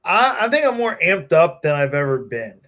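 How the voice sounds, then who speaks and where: A man hosting his live stream, hyped up and emotional, stammering and repeating words as he warms up the show. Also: fairly high pitch, sing-song, moderate pace. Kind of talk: excited live-stream chat.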